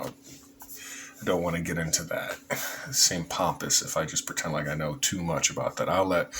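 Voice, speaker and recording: A man's voice: a bass voice, a bit bright, slight background noise. A man giving a casual, rambling opinion monologue for his vlog, often restarting his sentences. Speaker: vlogger.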